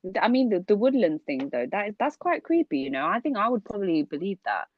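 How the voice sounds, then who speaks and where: A young woman co-hosting a podcast, telling stories in an animated, laughing way. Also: medium pitch, fast, dry recording, narrow, tinny audio. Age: young adult. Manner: animated storyteller, laughs often. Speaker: podcast co-host. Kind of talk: casual storytelling chat.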